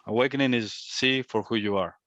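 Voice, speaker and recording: A man's voice: mid-range voice, brisk, a bit bright, dry recording. A man giving a reflective satsang talk as a spiritual teacher, repeating and circling back on his phrases. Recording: dull, lo-fi, dry.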